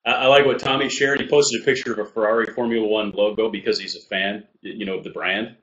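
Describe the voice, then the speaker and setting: A man co-hosting a podcast, chatting in a relaxed, casual way and laughing easily. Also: lowish voice, fast talker, lo-fi sound. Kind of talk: casual chat. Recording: echoey room.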